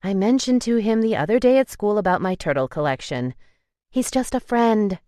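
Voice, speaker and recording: A woman's voice: mid-range voice, expressive, moderate pace, warm tone, no room sound, clean studio sound, voice pushed up, close to an everyday voice. A woman voicing an exasperated fifteen-year-old girl who pleads and protests.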